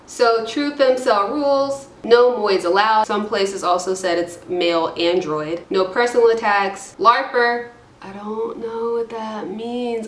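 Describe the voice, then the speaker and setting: Woman rambling thru forum posts, kinda low voice, cheeky asides. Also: reverberant. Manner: irreverent, self-deprecating, rambling asides. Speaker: YouTube commentator. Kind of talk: casual commentary reading forum posts.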